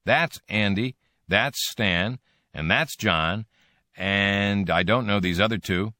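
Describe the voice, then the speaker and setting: A man's voice: fairly low pitch, slow pace, pushed and bright, dry recording, studio quality. A man reading an audiobook, voicing a slick middle-aged TV producer who talks people around. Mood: persuasive.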